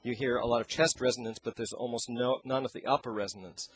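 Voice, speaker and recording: A man teaching singing as an interview guest, talking in a halting way and searching for his words into a handheld microphone. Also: mid-range voice, fairly even intonation, husky, dry recording. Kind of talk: explaining with sung demonstrations.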